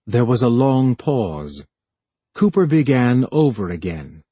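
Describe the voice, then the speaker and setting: A man narrating an audiobook in a measured storytelling manner, close to the mic. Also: mid-range voice, big pitch swings, dark tone, breathy edge, no room sound. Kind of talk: scripted narration.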